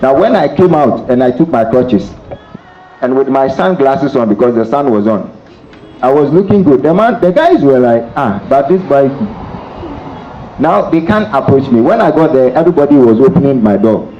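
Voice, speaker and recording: A man speaking as the special guest at a seminar, emphatic and repeating his key phrases between pauses. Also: mid-range voice, expressive. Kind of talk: motivational seminar talk. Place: seminar hall. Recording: dull echoey hall, faint noise.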